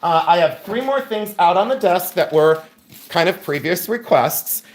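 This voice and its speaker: A man's voice: sits high, animated, normal speed. A middle-aged man hosting a live jewelry sale, chatty and joking, thanking viewers by name as he shows items. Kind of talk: live-stream selling chat.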